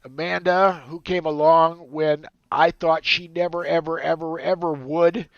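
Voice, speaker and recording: A male podcast host speaks in a smooth, clear voice, close and dry in the room, though the sound is a little dull. He is choked up and halting, dropping fillers as he thanks his team. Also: a little high, little pitch movement, no echo. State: choked up, emotional. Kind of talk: emotional farewell chat.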